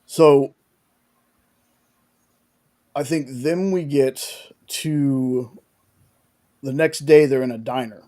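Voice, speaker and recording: A man's voice: medium pitch, drawn-out words, pauses often, dark tone. A man casually recapping a TV episode in a rambling way, with many restarts and fillers. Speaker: podcast host recapping a show.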